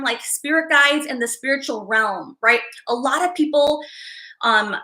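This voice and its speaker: A woman's voice: on the high side, moderate pace, bright, forceful tone, echoey room, poor audio. A woman psychic hosting a live stream, talking casually and emotionally to viewers, rambling with sighs and restarts.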